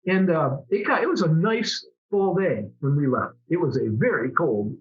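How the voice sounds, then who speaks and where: A man's voice: on the high side, animated, normal speed, dull audio. A middle-aged man, a former fighter pilot, telling stories in a casual interview, rambling with many restarts.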